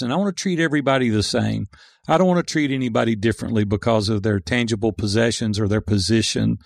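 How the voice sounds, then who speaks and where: Middle-aged entrepreneur guest, gravelly, earnest storyteller, dry studio mic. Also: male voice, medium pitch, dry recording. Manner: earnest, animated storytelling with acted quotes. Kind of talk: conversational interview.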